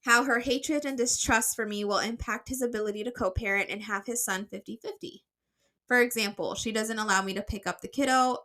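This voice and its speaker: Woman podcast co-host, crisp bright voice, slightly breathless, reads a listener letter with chatty ums. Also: on the high side, a little fast. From United States. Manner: chatty, reads aloud with fillers and restarts. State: a bit out of breath. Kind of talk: casual podcast chat, reading a listener letter.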